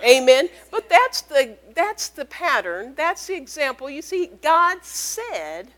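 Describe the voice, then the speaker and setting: A woman's voice: sits high, big pitch swings, slow, sharp tone. A woman preaching a sermon, emphatic, repeating key phrases and calling out amen.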